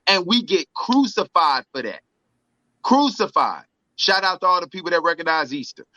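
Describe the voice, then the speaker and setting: A man's voice: sits high, moderate pace, dry recording, lo-fi sound. A man co-hosting a casual comedic podcast chat, joking and mimicking other people's voices. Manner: animated, mimics voices for laughs. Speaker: podcast co-host.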